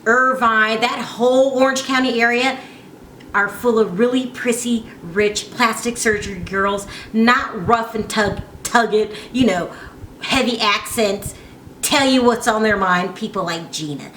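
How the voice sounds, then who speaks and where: A woman's voice: a little high, unhurried. A woman vlogger giving casual gossip commentary to camera in a chatty, opinionated way. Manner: chatty, opinionated, animated asides. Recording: echoey room with faint ambient noise.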